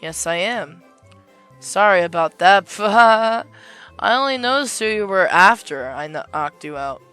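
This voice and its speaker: A man's voice: high voice, measured pace, smooth, faint music behind, full character voice. A man doing an obsessed axe-wielding fan knight. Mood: gushing. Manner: gushing, overexcited, keeps trying to calm down.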